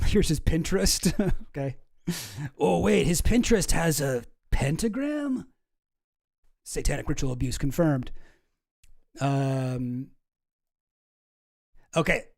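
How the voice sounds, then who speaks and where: A man's voice: mid-range voice, darkish tone. A man hosting casual online commentary, wry and sarcastic as he reads through documents.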